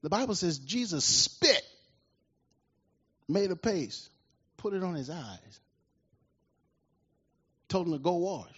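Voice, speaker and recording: A man preaching a sermon in an animated way, often asking the congregation questions, with a husky voice. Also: sits high, slow pace, long pauses. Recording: dull lo-fi recording.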